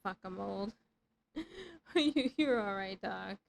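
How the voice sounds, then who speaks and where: A woman's voice: mid-range voice, lively intonation, slow pace, gravelly, slight background noise, poor audio. A woman in her thirties chatting casually with her live chat while playing a game, rambling and swearing freely in self-mocking banter. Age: 30s. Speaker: streamer.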